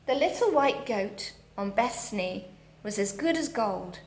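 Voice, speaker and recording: Woman reading a kids book out loud, slow and steady. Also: medium pitch. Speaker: storybook reader. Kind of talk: reading a children's book aloud.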